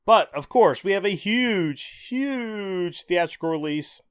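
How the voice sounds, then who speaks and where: A man's voice: high voice, takes it slowly, clean tone, no room sound, clean studio sound. A man co-hosting a podcast, chatting casually and reading out release listings with offhand asides. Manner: relaxed, reads release lists with asides. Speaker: podcast co-host. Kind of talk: casual chat.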